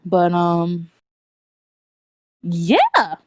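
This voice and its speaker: A woman's voice: fairly low pitch, wildly swooping pitch, extremely slow, no room sound. Outspoken woman podcast co-host, dry mic. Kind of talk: casual podcast chat.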